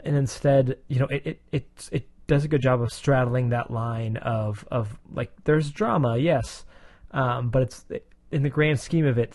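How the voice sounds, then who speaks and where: A man with an ordinary mid-range voice, recorded dry and close with little room sound. He co-hosts a casual TV review podcast, rambling and hesitating as he goes, and is quick to poke fun at himself. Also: medium pitch, a little mellow, no room sound. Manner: rambling, hesitant, self-deprecating. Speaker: podcast co-host.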